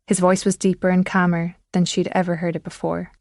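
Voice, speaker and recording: A woman narrating a thriller audiobook in measured, scripted storytelling. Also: fairly low pitch, completely flat delivery, darkish tone, no room sound, studio quality.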